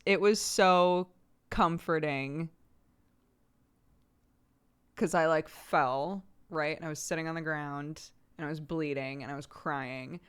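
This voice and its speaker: A woman's voice: low-pitched, smooth. A woman in her thirties streaming, chatting casually and rambling through viewer questions with many restarts. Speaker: livestreamer.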